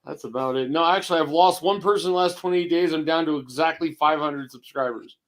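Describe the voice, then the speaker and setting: A man in his fifties co-hosting a casual chat, gruff and rambling, with restarts and swearing. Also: fairly high pitch, quick pace. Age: 50s. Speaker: co-host.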